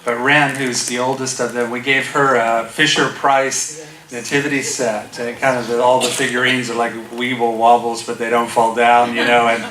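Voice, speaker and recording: A man's voice: mid-range voice, flat delivery, moderate pace, crowd noise. A man in his sixties, a guest pastor preaching a sermon and telling funny stories with humor. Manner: humorous storytelling. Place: church auditorium. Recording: echoey church from far off.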